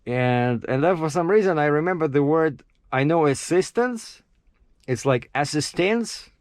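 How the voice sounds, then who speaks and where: Animated trucker telling road stories. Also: male voice, on the high side, measured pace, no echo. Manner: animated, acts out his own quotes, laughs at himself. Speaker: truck driver. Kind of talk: casual vlog storytelling.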